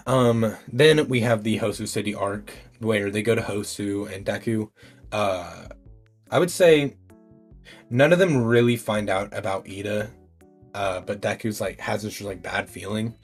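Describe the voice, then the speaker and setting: A man's voice: on the low side, unhurried, breathy edge, soft background music. A man telling a story in a casual, improvised way, rambling with fillers and restarts. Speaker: YouTube storyteller.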